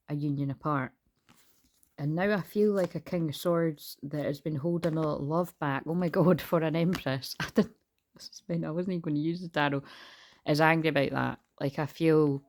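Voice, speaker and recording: A low-pitched woman talks through a casual tarot reading while filming from her bed. She rambles, stops partway through sentences and starts again, and swears in an offhand way. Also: darkish tone. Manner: rambling, chatty, self-interrupting, with swearing. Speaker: tarot reader and spiritual healer. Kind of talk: casual spiritual reading vlog. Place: in bed at home.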